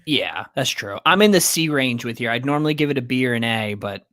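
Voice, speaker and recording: A man's voice: mid-range voice, expressive, brisk, bright, forceful tone. A young man co-hosting a casual podcast, chatting and laughing easily while ranking party foods. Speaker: podcast co-host.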